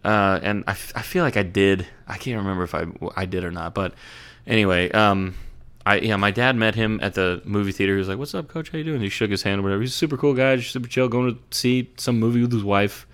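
Young man, low-ish voice, relaxed podcast banter full of fillers. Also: fast, clear, resonant tone. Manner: laid-back, profane, many fillers and restarts. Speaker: podcast co-host. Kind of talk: casual chat about sports.

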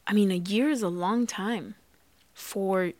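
A woman's voice: medium pitch, measured pace, darkish tone, no echo. A woman co-hosting a relationship podcast, talking in casual chat with a heartfelt, confessional manner and acting out remembered quotes. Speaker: podcast co-host.

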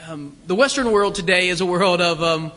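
A man preaching a sermon, emphatic and repetitive, slowing down to read scripture aloud. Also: sits high, bright, forceful tone. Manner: emphatic, repeats phrases for stress, reads scripture slowly. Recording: long reverb of a large hall.

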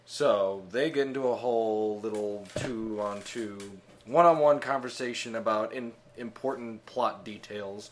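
A man's voice: fairly low pitch, unhurried, slight background noise. A man guest co-hosting a podcast, chatting casually with dry jokes and frequent laughter. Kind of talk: casual chat.

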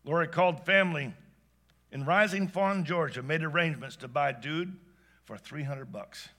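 A man telling a heartfelt story aloud, animated and swinging between hushed and excited delivery. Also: on the high side, moderate pace. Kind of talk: expressive spoken storytelling.

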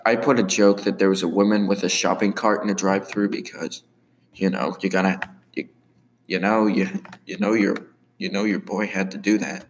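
A man casually commenting on his own animated series, rambling with many fillers. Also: deep voice, moderate pace, slight background noise.

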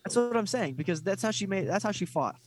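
A man's voice: sits high, lively intonation, quick pace. A man with a slightly raised voice chats about fights on a casual podcast. He talks hesitantly, restarting and searching for his words. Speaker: podcast co-host. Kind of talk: casual fight-talk chat.

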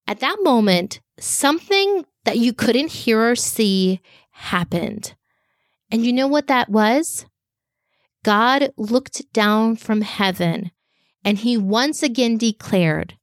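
A woman hosting a children's faith podcast, speaking directly to kids in a slow, emphatic teaching voice. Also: a little high, expressive, dry recording, clean studio sound. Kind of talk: scripted faith lesson for children. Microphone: podcast microphone.

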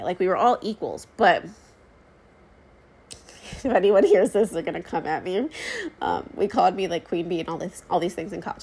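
A pregnant woman in her thirties hosting a casual talk show, telling a long story in a chatty, rambling way with many fillers and asides. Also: on the low side. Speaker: podcast host.

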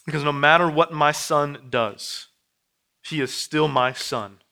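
Bright, clear-voiced preacher man. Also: on the high side, measured pace. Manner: repetitive, building phrases, swings from hushed to loud. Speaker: pastor. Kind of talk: sermon. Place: church sanctuary.

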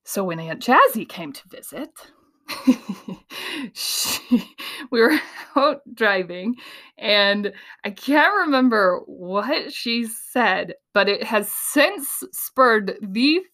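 Woman host, casual monologue, animated storyteller, laughs a lot, ideas racing. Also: on the high side. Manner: quick, tumbling flow of ideas.

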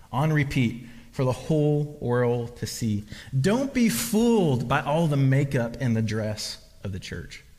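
A man's voice: a little high, a little mellow. A man preaching a sermon as pastor, emphatic and repetitive, often restarting his phrases. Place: church hall. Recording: long reverb of a large hall.

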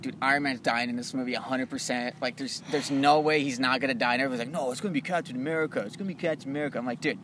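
A young man in casual chat about movies, loose and animated, swearing freely and calling his friend dude and bro. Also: medium pitch, slight background noise.

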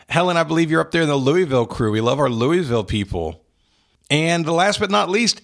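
A man hosting a podcast, warmly thanking supporters in a casual, earnest way with frequent restarts. He is recording in an unfinished spare room without soundproofing, with a slight room echo. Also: a little high. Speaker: podcast host. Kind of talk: casual thank-you segment.

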